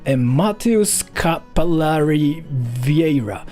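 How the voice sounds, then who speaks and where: A man's voice: mid-range voice, sing-song, moderate pace, a little mellow, breathy edge, soft background music. A man chatting casually on a livestream, reading out donations and rambling with lots of fillers and casual swearing.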